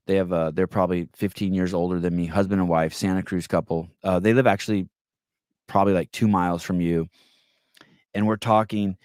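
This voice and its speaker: A man hosting a podcast, chatting casually and telling stories with quick back-and-forth retorts. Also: sits low, smooth, no echo, clean studio sound. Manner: animated storyteller, quick retorts. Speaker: podcast host. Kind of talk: casual chat.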